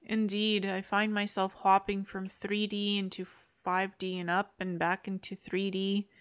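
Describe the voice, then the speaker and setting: A woman's voice: medium pitch, little pitch movement, a little slow, clean tone. A woman hosting a spiritual interview show, talking in an earnest, upbeat way and acting out inner voices as she explains. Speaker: host.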